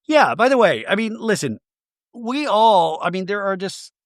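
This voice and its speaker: A man's voice: high voice, normal speed, no room sound, studio quality. A man hosting a podcast who recaps reality TV in a chatty, sarcastic style. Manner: animated, chatty, sarcastic asides. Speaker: podcast host.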